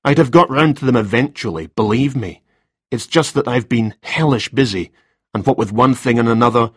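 A man's voice: mid-range voice, normal speed, slightly rough, no echo, clean studio sound, lightly acted. A man voicing a hesitant, rambling male freelance writer in an audiobook.

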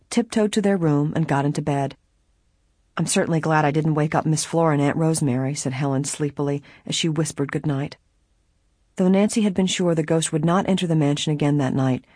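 A narrator reading a mystery novel aloud in a steady, even storytelling manner. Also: medium pitch, husky, no room sound, studio quality.

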